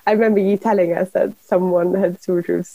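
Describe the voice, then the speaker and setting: Mellow woman hosting a chat. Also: lowish voice, steady tone, a little fast, dry recording, rough recording. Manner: laughing, conversational, asks follow-up questions. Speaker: podcast host. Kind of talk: casual interview chat.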